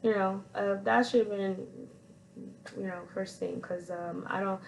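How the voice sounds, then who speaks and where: A woman vlogger telling a story in a relaxed, rambling way, circling back on herself often. Her voice sits at a middle pitch with a gravelly fry, and a faint hiss runs behind her. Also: unhurried, rough recording. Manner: rambling, full of fillers and restarts. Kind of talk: casual storytelling to camera.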